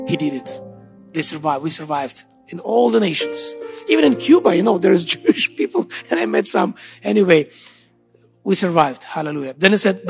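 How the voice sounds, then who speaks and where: A man's voice: high-pitched, animated, brisk, creaky. A man preaching a sermon in a church, emphatic, repeating his phrases and often calling out hallelujah. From Israel. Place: church hall. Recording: large hall with long reverb and faint music.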